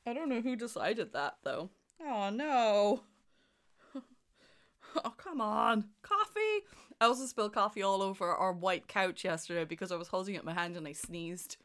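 A woman's voice: mid-range voice, normal speed, fairly bright tone. A woman co-hosting a casual podcast chat, giggly and self-deprecating as she runs the segment. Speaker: podcast co-host.

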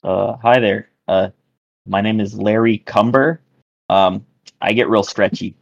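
A man's voice: lowish voice, fairly even intonation, a little slow, creaky. A man voicing a nervous, broke young stretchy hero who hesitates and fills his speech with ums. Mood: sheepish. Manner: hesitant, full of ums, eager to please. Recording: dull lo-fi audio.

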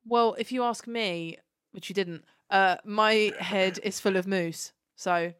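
Female podcast co-host, mid pitch, chatty, jokey, casually profane, dry close recording. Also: fairly even intonation, takes it slowly, a bit bright, clear, resonant tone, no room sound. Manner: chatty, joking, swears casually. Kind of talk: casual chat.

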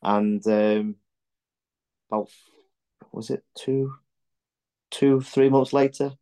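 A man's voice: mid-range voice, steady tone, takes it slowly, dark tone, clear, resonant tone. A middle-aged man, a former footballer, guesting on a podcast and telling candid, blunt stories full of swearing and restarts. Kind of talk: casual chat.

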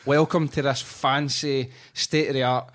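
A man's voice: medium pitch, little pitch movement, a little slow, fairly bright tone. A Scottish man hosting a casual podcast interview in a hotel room, chatty and joking, with the odd swear word. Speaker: podcast host.

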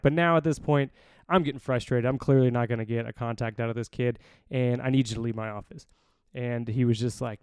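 Male, 30s, casual podcast host, quick profane storyteller, dry close sound. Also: medium pitch, clear, resonant tone, dry recording. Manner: profane, animated storytelling with voiced quotes. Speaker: Navy recruiter.

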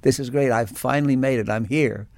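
A man's voice: mid-range voice, a little fast, vocal fry, darkish tone, no room sound, studio quality, close to an everyday voice. A man voicing a humble little female ant in a spoken parable, gushing with wonder. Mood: amazed.

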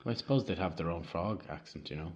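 A young man with a very deep voice, joking around and acting out small scenes as he talks. The recording is dull and lo-fi. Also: expressive, fast talker, a little mellow. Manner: jokey, acts out little voices. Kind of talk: casual chat.

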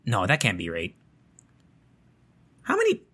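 A vlogger with a fairly low voice whose pitch swoops wildly talks to viewers from home at a measured pace and in a sharp tone. He rambles, jokes, and swears freely, smoking the whole time he talks.

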